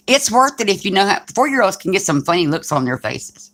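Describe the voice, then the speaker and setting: A woman's voice: mid-range voice, lively intonation, fast, few pauses, fairly bright tone. A woman hosting a craft livestream, telling joking stories in a chatty way with frequent laughs. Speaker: craft channel host. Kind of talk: casual livestream chat.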